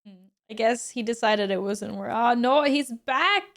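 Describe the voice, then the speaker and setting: A woman's voice: fairly high pitch, unhurried, fairly bright tone. A young woman streamer chatting casually with her viewers, laughing often and exclaiming as she comments on her cats.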